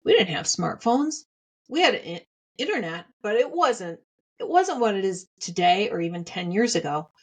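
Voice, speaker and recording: A middle-aged woman hosts her own podcast and tells a personal story in a candid, heartfelt way. She leans on repetition to drive her points home. Her voice sits at an ordinary middle pitch for a woman. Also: big pitch swings, moderate pace, breathy edge. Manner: emphatic, repeats phrases for stress. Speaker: podcast host.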